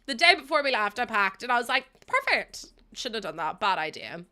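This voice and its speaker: A woman's voice: on the high side, bright, forceful tone. A woman streaming a game, chatting with viewers in a rambling, laughing way. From Ireland. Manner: rambling, chatty, laughs often, talks to chat. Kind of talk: casual livestream chat while playing.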